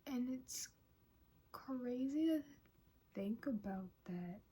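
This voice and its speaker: A woman's voice: on the high side, animated, slow, mellow, slightly rough. Slangy, chatty young woman vlogger. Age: late teens. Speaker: reaction channel host. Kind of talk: casual reaction vlog chat.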